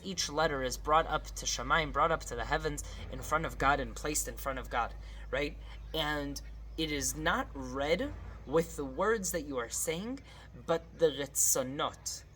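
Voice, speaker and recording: A woman with a low voice gives a relaxed spoken lesson, talking directly to her listeners. She keeps checking in with a quick "right?" and grows earnest and pleading when she voices prayers. Faint background noise sits under her voice. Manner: conversational, often adds a questioning "right?". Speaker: teacher.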